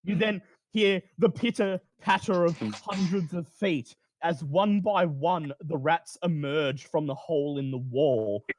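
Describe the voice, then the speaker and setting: A man's voice: fairly high pitch, a little slow, hardly any pauses, slight background noise. A man narrating a tabletop game as game master, in a casual, plain-spoken way.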